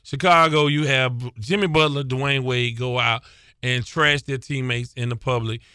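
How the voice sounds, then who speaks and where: A man's voice: medium pitch, fairly even intonation, moderate pace, pushed and bright, clean tone, dry recording, clean studio sound. A man from Houston hosting a casual sports talk show, asking leading questions in a chatty way. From Houston, Texas. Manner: chatty, leading questions, plain Southern phrasing.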